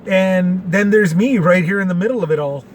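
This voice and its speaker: Rambling folksy man in his forties, high voice. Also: fairly quick, a little hiss or hum. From Texas. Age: 40s. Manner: rambling, folksy, with many fillers. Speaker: podcast host. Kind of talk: casual opinion monologue.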